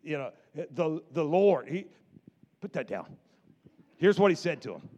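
A middle-aged man preaches from the pulpit in a lively, conversational way. He stumbles over and repeats words as he goes, slipping into quoted voices. His speaking voice sits somewhat high for a man. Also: measured pace, muffled recording. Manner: animated, repeats words, acts out biblical quotes. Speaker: pastor. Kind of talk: sermon.

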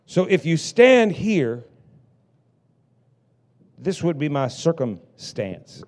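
A middle-aged male pastor preaching a sermon, swinging between loud bursts and hushed lines. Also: fairly high pitch, big pitch swings, slow pace.

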